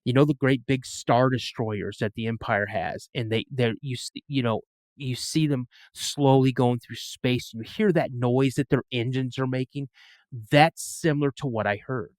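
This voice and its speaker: A man's voice: mid-range voice, normal speed, dry recording. Man telling a story, dry sound. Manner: animated, acts out quoted voices. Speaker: podcast guest. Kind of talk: casual storytelling.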